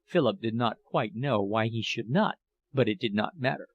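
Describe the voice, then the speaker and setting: A man reading a classic novel aloud as an audiobook narrator, with a measured, expressive delivery. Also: mid-range voice, no room sound, dull audio.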